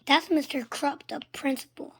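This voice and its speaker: A woman reading a children's book aloud, expressive and sometimes dropping to a hush. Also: high voice, moderate pace. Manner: expressive, shifting between loud and hushed. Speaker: storybook reader.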